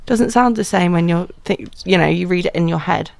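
A woman co-hosting a breakfast radio show, excitable and enthusiastic, chatting casually with lots of "like". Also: lowish voice, a little fast, vocal fry, a little hiss or hum. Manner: enthusiastic, excitable, says "like" a lot. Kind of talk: casual on-air chat. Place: radio studio.

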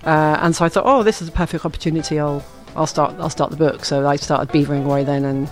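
A woman's voice: sits low, fairly even intonation, fast, soft background music. A woman from the UK, an author being interviewed, talking in a chatty, rambling way with frequent laughs. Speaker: author guest. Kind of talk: casual interview chat.

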